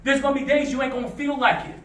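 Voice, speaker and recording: A man giving a motivational talk to students, telling stories in a lively call-and-response way. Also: very high voice, racing, slight background noise. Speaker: motivational speaker. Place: school classroom. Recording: echoey room from far off.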